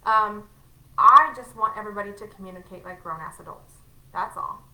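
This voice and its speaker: A woman's voice: medium pitch, moderate pace, bright, forceful tone, roomy sound, low-quality recording. A woman leading a sales team, giving a candid and emphatic training talk in casual language, sometimes acting out conversations. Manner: candid, emphatic, acts out quoted exchanges.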